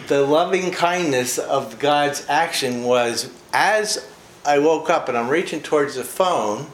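An older man giving an informal devotional talk, telling personal stories in a chatty way with laughs and fillers. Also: medium pitch. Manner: folksy, chatty storytelling with frequent laughs and fillers. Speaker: preacher. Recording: echoey room with faint ambient noise.

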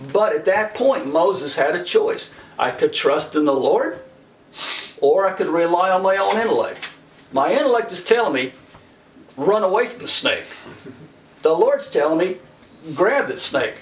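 A middle-aged man preaching a sermon in a folksy, humorous way, chuckling often and acting out the characters he quotes. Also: high voice. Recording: echoey room from far off with faint noise.

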